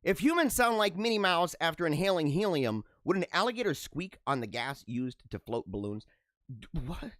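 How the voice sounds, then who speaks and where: A man hosting a show, reading out news items and joking about them in loose, animated asides with frequent laughs. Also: fairly high pitch, normal speed, no room sound. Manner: animated, laughs and riffs between read-aloud headlines. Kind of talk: casual commentary on news items.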